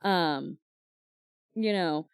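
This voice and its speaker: Chatty woman podcast co-host, low-ish voice. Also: extremely slow, clean tone, no room sound, studio quality. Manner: chatty storyteller, many fillers, acts out quoted dialogue. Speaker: book club podcast co-host. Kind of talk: casual chat.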